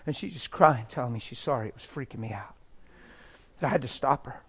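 A man's voice: medium pitch, brisk, a bit bright, slightly rough. A man preaching a personal testimony in a dramatic, emotional storytelling manner.

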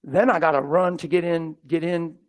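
A middle-aged man preaching in a folksy, animated way, telling stories and acting out the people in them. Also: fairly high pitch, normal speed, clear, resonant tone. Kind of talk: storytelling sermon.

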